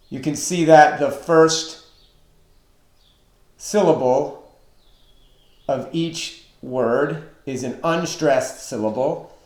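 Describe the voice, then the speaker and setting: A man giving an online literature lecture, explaining slowly and deliberately with pauses. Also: fairly high pitch. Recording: echoey room.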